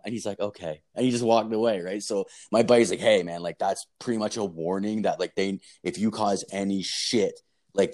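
Young man, podcast host, casual storytelling, fairly low voice, profane, rambling. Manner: rambling, heavy swearing, lots of "like" and "dude".

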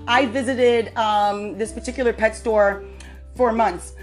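A woman's voice: on the high side, fairly even intonation, unhurried, faint music behind. A young adult woman hosting a podcast, chatting casually and telling a story, laughing often and acting out the voices she quotes. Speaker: podcast host. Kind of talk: casual chat.

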